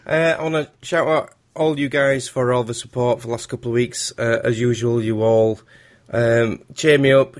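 A man co-hosts a casual gaming podcast, warm and laughing readily. His voice sits at an ordinary mid pitch for a man. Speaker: podcast co-host.

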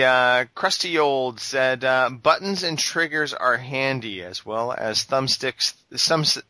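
A man's voice: medium pitch, sharp tone, dry recording. A man hosting a gaming podcast, chatting casually and handing off to his co-hosts. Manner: rambling, many fillers. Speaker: podcast host.

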